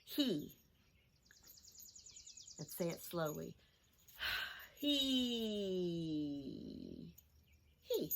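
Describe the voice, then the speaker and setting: A woman teaching a children's phonics lesson, sounding out words slowly and carefully. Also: mid-range voice, big pitch swings, sharp tone. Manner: slow, drawn-out sounding out of words.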